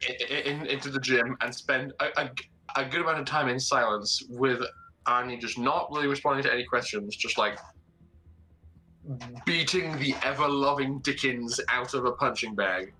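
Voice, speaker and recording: A man narrating as game master of a tabletop game, halting with frequent restarts. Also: medium pitch, pushed and bright, rough recording.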